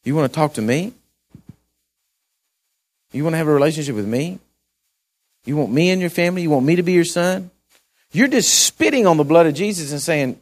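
A man preaching a sermon in a church, telling a jail story in a folksy, halting way and building to emphatic exhortation. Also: on the high side, animated. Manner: folksy, halting delivery with repeated restarts. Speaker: pastor.

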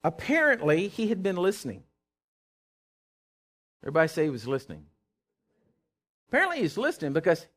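Animated high-voiced preacher. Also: male voice. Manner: emphatic, call-and-response, swings from loud to hushed. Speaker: pastor. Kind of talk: sermon.

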